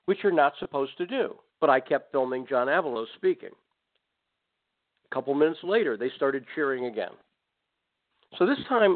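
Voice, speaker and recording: A man hosting a talk radio show, telling a story with sarcastic, rambling asides. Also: medium pitch. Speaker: radio host. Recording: phone-like narrow band audio.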